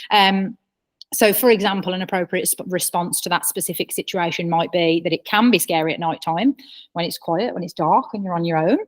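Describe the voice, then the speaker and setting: Low-voiced woman giving a webinar. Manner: chatty, explanatory, with personal anecdotes and acted quotes. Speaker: childcare trainer. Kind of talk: webinar presentation.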